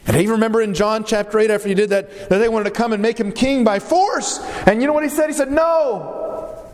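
A man's voice: high voice, fast. A male preacher delivering a sermon, stretching out phrases for emphasis and asking his listeners rhetorical questions. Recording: long reverb of a hall.

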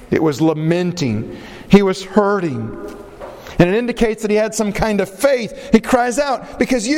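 Guy preaching, high voice, super animated storytelling, long hall echo. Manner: animated, dramatic storytelling with sudden pitch swings. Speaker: pastor. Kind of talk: sermon.

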